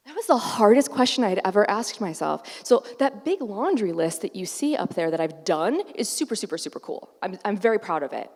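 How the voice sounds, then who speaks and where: A middle-aged woman gives an animated keynote talk, slipping into the voices of the people she quotes. Her voice is set at a middle pitch for a woman. It carries through a large, reverberant hall and reaches the mic from a distance. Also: brisk, few pauses. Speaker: keynote speaker. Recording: echoey hall, far from mic.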